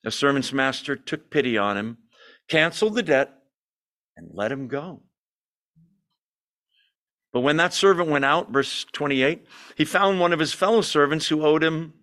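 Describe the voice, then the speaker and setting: A man teaching a weeknight Bible study, with a voice that sits a little on the high side. He reads scripture aloud and keeps stopping to add asides and explanations. He slows right down to lean on the words he wants to stress. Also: animated, a bit bright.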